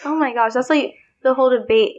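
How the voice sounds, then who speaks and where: A woman's voice: sits high, quick pace, a little mellow. A woman from Northern California co-hosting a podcast in casual chat, retelling little encounters. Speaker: podcast co-host. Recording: dull lo-fi sound.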